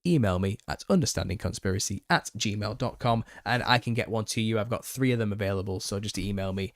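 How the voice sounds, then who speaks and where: A man hosting a live Q&A stream, opinionated and quick to get worked up, laughing as he rants. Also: fairly low pitch, no echo. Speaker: channel host. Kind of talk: live Q&A monologue.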